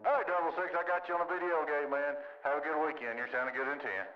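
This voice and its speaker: A man's voice: fairly high pitch, fairly even intonation, fast talker, roomy sound. A man from Tennessee, a CB radio operator who keeps repeating his call sign in friendly check-ins. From Tennessee, USA. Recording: distant, muffled CB radio with static.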